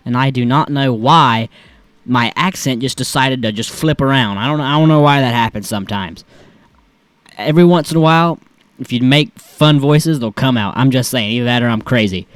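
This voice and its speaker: A man's voice: medium pitch, brisk, dry recording. A man rambling through casual comedy commentary as he reads posts aloud, joking about himself and stumbling over words. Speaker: reaction video host.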